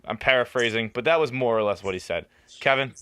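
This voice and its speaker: A man hosting a casual news rundown, introducing stories with offhand, deadpan segues. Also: mid-range voice, fast talker, clear, resonant tone, dry recording. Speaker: show host reading out news items.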